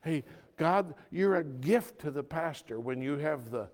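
A man delivers a sermon as pastor, his voice sitting a touch higher than most men's. He preaches emphatically, sinking to near-hushed asides and then climbing to forceful, loud stretches. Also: lively intonation, measured pace.

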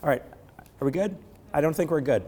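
A man preaches in a relaxed, conversational way, his voice hoarse from a cold. He keeps stopping to ask his listeners questions. His words ring out with a long echo through a large hall. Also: fairly high pitch, fairly quick, slight background noise. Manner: conversational, asks the congregation questions. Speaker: pastor. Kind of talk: sermon.

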